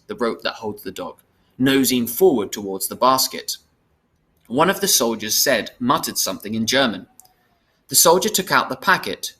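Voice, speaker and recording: A man reading a storybook chapter aloud in a steady, plain manner, sometimes correcting himself. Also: medium pitch, normal speed. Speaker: reader.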